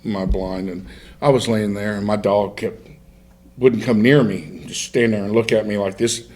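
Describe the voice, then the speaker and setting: A man's voice: fairly low pitch, steady tone, moderate pace, darkish tone. A middle-aged man, a guest on a podcast, telling hunting stories in a rambling, self-interrupting way and laughing through them. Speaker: guest, duck hunter. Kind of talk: casual storytelling in a podcast interview.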